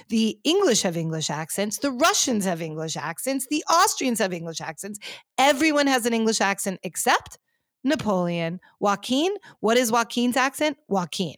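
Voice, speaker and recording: A woman's voice: fairly high pitch, dry recording, studio quality. A woman hosting a podcast, ranting animatedly in casual chat with lots of filler words. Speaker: podcast host.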